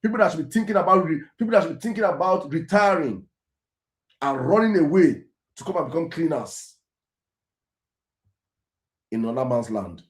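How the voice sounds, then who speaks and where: A man's voice: on the high side, lively intonation, moderate pace, pauses often. Impassioned Nigerian man in an echoey room. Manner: preachy, emphatic, repeats himself, slips into Pidgin. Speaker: host. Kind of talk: impassioned commentary.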